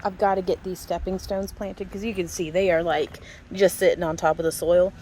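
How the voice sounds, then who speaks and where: A woman's voice: on the low side, flat delivery, a little fast, darkish tone, slight background noise. A woman from Missouri, casually talking through a walk around her backyard homestead garden, chatty and folksy, laughing often. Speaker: homestead vlogger.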